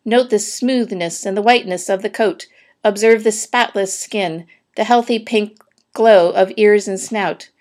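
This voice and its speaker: A woman's voice: medium pitch, unhurried, a little mellow, close to an everyday voice. A woman voicing a pompous male county fair announcer who makes grandiose, flowery speeches in a storybook reading.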